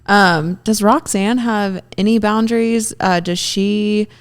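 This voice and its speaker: A woman hosting a podcast, asking quick questions and murmuring agreement supportively. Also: medium pitch, fairly even intonation, smooth. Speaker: podcast host. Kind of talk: casual interview chat.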